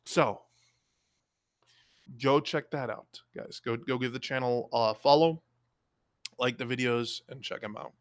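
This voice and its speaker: A man's voice: mid-range voice, a little slow, pauses often, no echo, clean studio sound. A man ranting on a live stream, angry and profane, scolding his audience.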